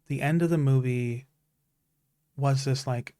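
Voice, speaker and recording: A man's voice: mid-range voice, steady tone, unhurried, dark tone, no echo. Earnest man in his thirties, dry mic. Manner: earnest and emotional, many restarts. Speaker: streamer. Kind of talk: casual chat.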